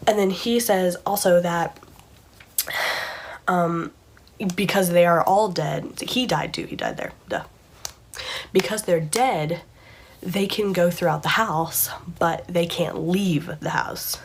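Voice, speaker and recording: A young woman tells a dream story to her camera indoors, rambling with plenty of fillers. Her voice sits on the low side and has a husky, breathy grain. She often drops into whispers. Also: slow, pauses often. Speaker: vlogger. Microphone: camera framed from the chest up.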